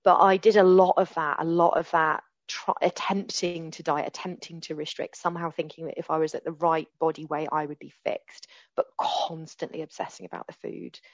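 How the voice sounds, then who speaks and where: A woman's voice: low voice, little pitch movement, moderate pace, no room sound, lo-fi sound. A woman in her forties telling her recovery story candidly and earnestly, often restarting her sentences. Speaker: recovery speaker. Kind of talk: personal testimony.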